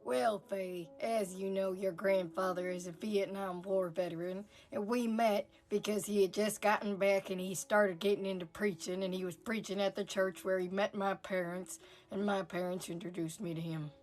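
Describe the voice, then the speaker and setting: A woman voicing an elderly grandmother who speaks softly and slowly in a comedy sketch. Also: mid-range voice, steady tone, soft background music, natural voice. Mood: quiet. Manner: soft-spoken, slow and hushed. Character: elderly grandmother recalling her past, calm.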